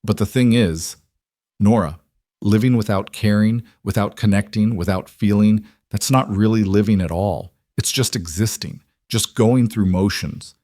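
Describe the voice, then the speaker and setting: A man's voice: fairly low pitch, measured pace, darkish tone, no room sound, clean studio sound, natural voice. A man reading the part of a talkative, cheerful widowed frontier husband, speaking earnestly.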